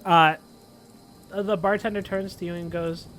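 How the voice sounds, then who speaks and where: A man's voice: high voice, fairly even intonation, a little slow, a bit bright, soft background music. A man narrating a tabletop game as game master, rambling with lots of fillers.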